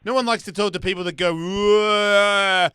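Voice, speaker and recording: A man's voice: sits high, rapid-fire, a bit bright, smooth, dry recording. A man hosting a call-in radio show, blunt, profane and needling his callers. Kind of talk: brash call-in radio banter. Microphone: studio microphone.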